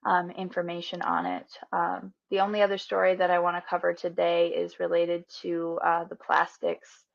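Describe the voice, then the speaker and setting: A woman presenting a radio news segment in a calm, earnest way, with frequent ums and uhs. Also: on the low side, moderate pace, gravelly, dry recording. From northern Minnesota, USA. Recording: dull, lo-fi and dry.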